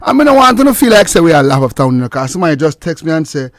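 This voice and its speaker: A man's voice: fairly high pitch, very animated, rapid-fire, no echo. A man with a Jamaican accent hosting a call-in radio show, joking and laughing with callers.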